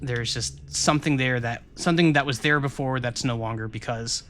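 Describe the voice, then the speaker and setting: Brief: male streamer, average pitch, loose chatty game commentary, thinks out loud. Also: slight background noise. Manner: chatty, musing aloud, quick laughs. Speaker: live streamer. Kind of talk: casual gameplay commentary to chat.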